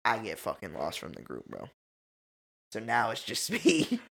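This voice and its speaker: Bright-voiced man telling a wild story. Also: on the low side, normal speed, gravelly, slightly rough. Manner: animated, profane, slangy storytelling. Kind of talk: casual storytelling chat.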